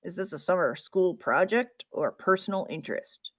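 A woman doing a gruff old librarian man. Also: fairly low pitch, lively intonation, no echo. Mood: grumbling. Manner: gruff, slow and curt. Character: grumpy older male small-town librarian.

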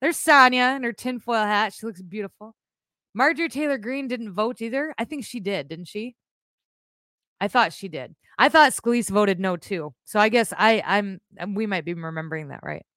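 A woman hosting a live podcast stream, chatting casually in a blunt, animated way, with rambling asides and swearing. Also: mid-range voice, moderate pace, dry recording, studio quality. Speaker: podcast host.

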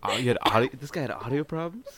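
A man co-hosting a podcast, making deadpan jokes in casual chat. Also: mid-range voice, fast, slight background noise. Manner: dry joking, deadpan quips. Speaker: podcast co-host. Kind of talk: casual chat, reacting to a show.

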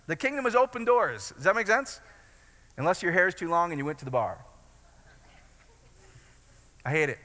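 A man preaching a sermon in a loose, joking way, asking the crowd questions and building up to loud declarations. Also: sits high, expressive, normal speed, pauses often, in a large hall. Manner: conversational preaching with jokes and rising shouts. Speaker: pastor.

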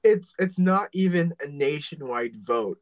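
A man's voice: a little high, animated, unhurried, poor audio. A man co-hosting a podcast in casual chat, hesitant and full of restarts. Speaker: podcast co-host.

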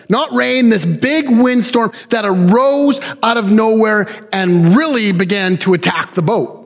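High-voiced male preacher in a reverberant hall. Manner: dynamic preaching, swinging from low hushed lines to loud emphatic shouts. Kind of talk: sermon.

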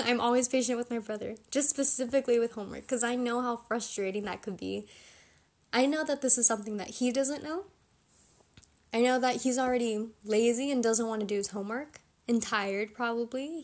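A woman's voice: a little high, a bit bright. A young woman hosting a podcast, talking casually and chattily to her listeners with frequent fillers. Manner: chatty, informal, with fillers and laughs. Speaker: podcast host. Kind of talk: casual advice monologue.

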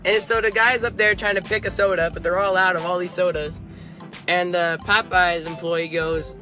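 A young man vlogging, telling a story in an animated, laughing way and acting out the people in it. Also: sits high, moderate pace, soft background music. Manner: animated, laughing, acts out the people in his stories. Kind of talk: casual storytelling.

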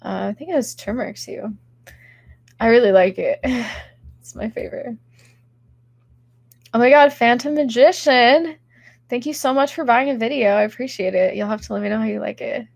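A woman's voice: on the high side, moderate pace, gravelly, long pauses, darkish tone, no echo, studio quality. A young woman hosting a casual livestream podcast, chatting with her chat while sick and stuffy, with lots of giggles and filler words. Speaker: podcast host reading chat.

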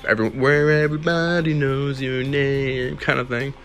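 A man's voice: medium pitch, fairly even intonation, moderate pace, soft background music. A young man hosting a casual solo podcast, rambling and profane, laughing now and then as he talks. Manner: rambling, profane, laid-back, laughs often. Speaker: podcast host.

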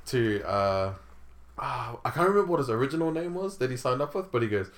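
A man's voice: mid-range voice, sing-song, brisk. A man tells a story in a laid-back way. He fills his talk with ums, likes and little laughs, like he's chatting with friends. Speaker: tournament organiser. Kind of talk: casual chat.

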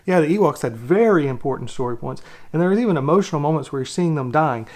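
A man's voice: on the high side, expressive, quick pace, a little mellow. A man giving an opinionated movie critique, exasperated and ranting, with lots of rhetorical questions. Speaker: film critic.

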